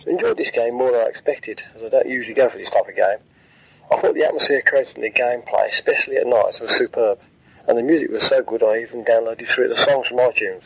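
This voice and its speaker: Husky man reading a listener message. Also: medium pitch, fast talker, no echo, poor audio.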